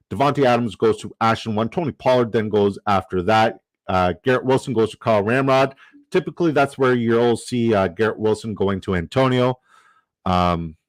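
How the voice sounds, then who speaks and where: A man's voice: medium pitch, dry recording, poor audio. A man hosting a fantasy football livestream, chatting casually, joking and reading out the chat. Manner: upbeat, jokey, reads chat aloud.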